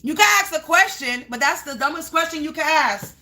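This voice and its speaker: A woman hosting her own channel, ranting loudly at viewers and trolls, cursing and calling them sweetie and honey. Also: sits high, a little fast. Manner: loud, yelling, cursing, confrontational. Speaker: spiritual channel host. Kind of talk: ranting livestream vlog.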